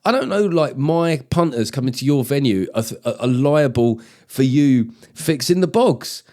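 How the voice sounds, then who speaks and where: A man's voice: mid-range voice, animated, moderate pace, darkish tone. A man hosting his own comedy podcast, talking in a loose, jokey, sweary monologue with lots of asides. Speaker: podcast host.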